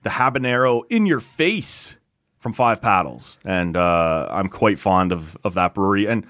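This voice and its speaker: A man co-hosting a casual beer-tasting podcast, relaxed and rambling with lots of fillers. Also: low-pitched, a little slow, no echo, clean studio sound. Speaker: podcast co-host.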